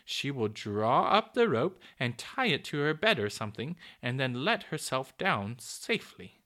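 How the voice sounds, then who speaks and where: A man voicing an excitable, fussy old male peddler in a storybook read-aloud, breaking into high excited cries. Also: a little slow. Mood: eager.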